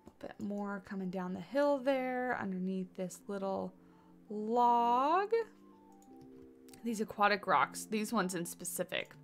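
A woman's voice: medium pitch, a little slow, a bit bright, soft background music. A tired woman chatting casually and thinking aloud as she builds during a game livestream, greeting viewers by name. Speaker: game streamer. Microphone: desk mic on boom arm.

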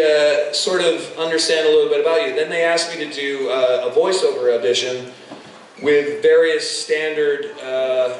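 A man speaking as a guest on a convention panel, effusive and animated, often restarting his sentences. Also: fairly high pitch. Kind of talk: casual panel talk. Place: large convention hall. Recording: echoey hall, far-off mic, crowd noise.

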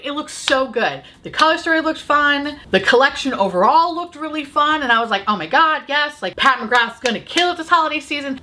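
Animated, bright-voiced woman ranting. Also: high voice. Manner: profane, sarcastic, laughing often. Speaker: beauty vlogger. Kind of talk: casual ranting review.

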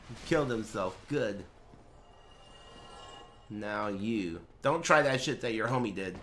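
A young man streams a game live and keeps up a profane running commentary. He mock-rants at his chat and breaks into bursts of yelling. His voice is very forceful and edged, and his pitch swings widely. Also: lively intonation, a little slow, pauses often.

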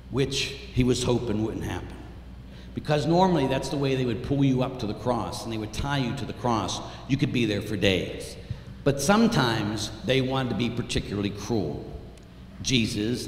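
A man, a priest, preaching a dramatic sermon, telling the story with intensity and swinging from hushed tones to shouts. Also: medium pitch. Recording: echoey hall, light room noise.

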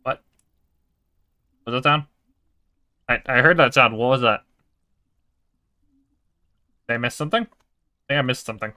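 A man's voice: medium pitch, moderate pace, long pauses, bright, forceful tone, no echo, clean studio sound. A young man giving casual, swearing let's-play commentary while he plays a game. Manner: chatty, swears casually, talks to himself. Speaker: gaming video creator.

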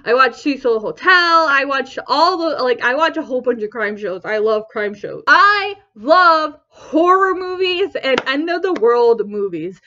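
A woman's voice: high-pitched, animated, unhurried, few pauses, bright, forceful tone. A young woman vlogger rambling casually to camera, often laughing and restarting her sentences. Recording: dull lo-fi recording.

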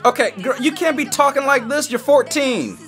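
Animated young man roasting a video. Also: moderate pace, faint music behind. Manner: playful roasting, sudden squeaky high outbursts. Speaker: comedy reaction youtuber. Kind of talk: joking reaction commentary.

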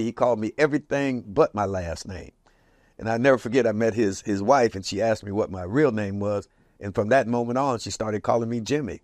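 An interviewee in his seventies who grew up in Portland, Oregon, recalls his community in lively, casual reminiscence. He acts out quoted voices, leaping in pitch and loudness. The recording is dry with clean studio sound.

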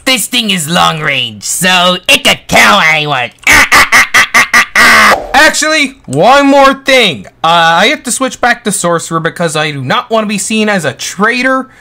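In a high voice at a moderate pace with few pauses, a young YouTuber casually shows viewers how to play a Roblox game. He's goofy and rambling, prone to excitable outbursts.

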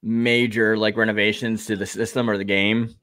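Rambling through a live stream he's hosting, this man fills his talk with "like" and other fillers. He speaks at a normal speed in a lowish, level, fairly bright voice.

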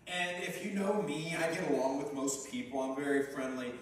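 A man's voice: a little high, moderate pace, a little hiss or hum. A man preaching a conversational, earnest sermon, mimicking the voices he quotes. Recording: echoey church hall from far off, faint ambience.

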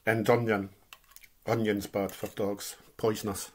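A man's voice: fairly low pitch, steady tone, moderate pace, husky. A man casually reviewing food on his vlog, chatting while he eats with his mouth full.

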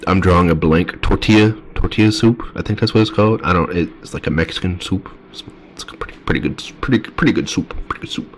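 A man's voice: deep voice, quick pace, few pauses, a little hiss or hum. A man giving laid-back, rambling commentary while playing a game. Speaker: gaming video creator.

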